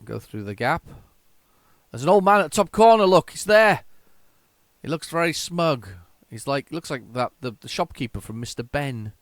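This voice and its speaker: A man giving casual, excitable, self-mocking commentary while playing an old computer game. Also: a little high, moderate pace, no echo. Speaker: retro game tape reviewer.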